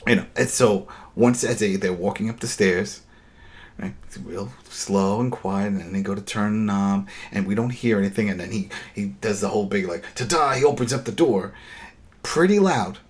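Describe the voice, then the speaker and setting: Podcast co-host, male, lowish voice, animated and exasperated while recapping, stumbles and restarts. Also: normal speed. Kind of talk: casual podcast episode recap.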